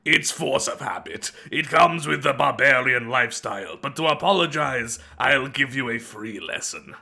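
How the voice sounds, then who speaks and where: A man voicing a boastful, burly male barbarian trainer in a mock Russian accent, gruff and teasing. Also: mid-range voice, lively intonation, moderate pace, pushed and bright, heavily acted. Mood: jovial.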